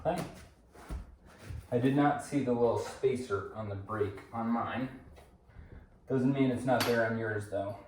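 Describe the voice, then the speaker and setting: A man's voice: medium pitch, a little slow, pauses often, darkish tone. A man casually talking through a bike assembly, rambling to himself as he works and tossing in jokes. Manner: rambling, talks to himself while working, joking asides. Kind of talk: casual unboxing and assembly walkthrough. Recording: roomy, distant mic, clear background noise.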